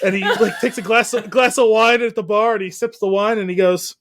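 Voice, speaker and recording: A man's voice: sits high, fairly quick, few pauses. A man co-hosting a podcast, casually retelling a comedy scene, acting out the lines and laughing often. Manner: animated storyteller, acts out lines, laughs often. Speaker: podcast co-host.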